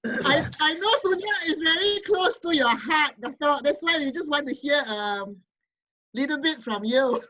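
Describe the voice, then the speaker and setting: A woman hosts the session, speaking brightly and deferentially with frequent laughs. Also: high voice, expressive, moderate pace, rough recording. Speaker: host of the session.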